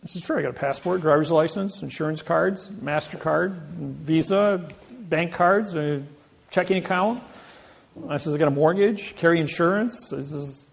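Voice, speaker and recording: A man's voice: fairly high pitch, moderate pace, gravelly, slightly rough. A man telling stories to an audience in a boastful, emphatic way, often repeating and restarting his words. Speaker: speaker answering an audience. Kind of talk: boastful storytelling talk.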